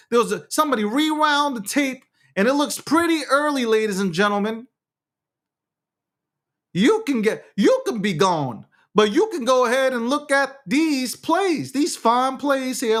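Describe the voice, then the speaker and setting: A man's voice: extremely high pitch, fairly bright tone. A man hosting a casual crypto livestream, talking in a hyped, showy, repetitive patter. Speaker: livestream host.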